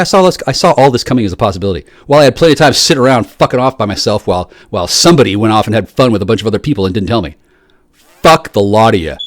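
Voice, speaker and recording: Ranting, profane man with wild pitch swings. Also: no echo, studio quality. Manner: profane, combative, stammering restarts. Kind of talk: angry solo rant to camera.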